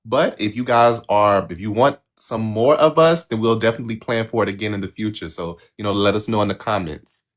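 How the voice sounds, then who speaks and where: A man with a lowish voice chats casually on a live stream, co-hosting a spiritual reading session. He sounds agreeable and reflective, wandering through his thoughts with small restarts. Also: fairly quick, hardly any pauses.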